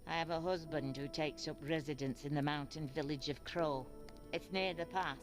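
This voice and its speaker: An actress playing a gruff old blind woman seer in a video game, blunt and wry. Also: low voice, fairly even intonation, normal speed, faint music behind, natural voice. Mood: knowing. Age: older. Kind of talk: game voice acting.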